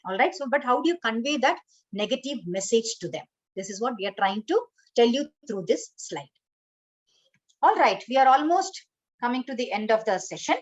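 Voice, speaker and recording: A woman's voice: fairly high pitch, expressive, moderate pace, highs cut off. A woman teaching an online training session, instructive, often saying "okay" and "you know". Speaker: corporate trainer.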